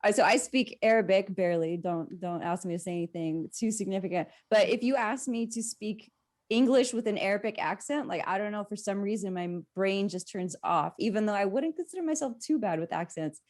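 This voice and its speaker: A woman's voice: mid-range voice, brisk, a little mellow. Talkative woman host, reflective. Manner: reflective and talkative, with easy laughs. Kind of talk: casual chat.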